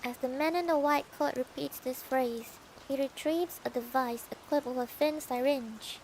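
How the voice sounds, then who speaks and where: A woman's voice: high voice, steady tone, normal speed, darkish tone, a little hiss or hum, low-quality recording. A young woman reading a novel aloud for her stream, playful and adding her own comments between passages. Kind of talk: casual storybook reading with asides.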